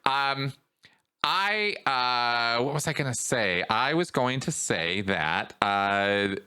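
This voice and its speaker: A man hosting a podcast in loose conversational style. His delivery is animated, and his voice pushes higher when something annoys him. The tone is bright and tense, with wide swings in pitch. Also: smooth. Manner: animated, voice rises when riled up. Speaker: podcast host.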